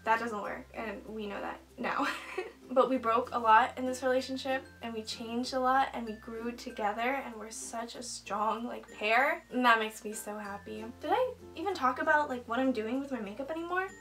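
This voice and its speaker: Twenty-something girl doing her makeup and talking, kinda emotional, lots of "like", voice a little high and a bit away from the mic. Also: normal speed, fairly bright tone, recorded from a distance, rough recording. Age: 20s. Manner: candid, heartfelt, rambling with many "like"s. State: getting emotional, choked up. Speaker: beauty vlogger. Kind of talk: get-ready-with-me vlog chat. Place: indoors at home, doing makeup.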